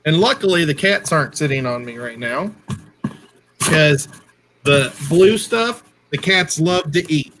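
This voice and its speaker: A man's voice: fairly high pitch, lively intonation, unhurried, fairly bright tone, a little hiss or hum. A man co-hosting a casual livestream, chatty and jokey, often stopping to correct himself. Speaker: co-host.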